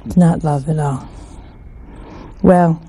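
A woman giving a homey, unhurried sermon, her low-toned, mellow voice carrying a gravelly rasp. She keeps turning to her listeners with little rhetorical questions as she tells her stories. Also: steady tone, a little hiss or hum. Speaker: preacher. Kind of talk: informal sermon with anecdotes.

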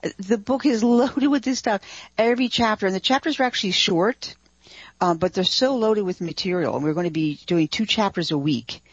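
A woman's voice: medium pitch, a little fast, slightly rough, dry recording. Eager lady guest calling into a radio show, kinda dull muffled line. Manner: eager, animated, laughs easily. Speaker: guest writer and researcher. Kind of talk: radio interview chat.

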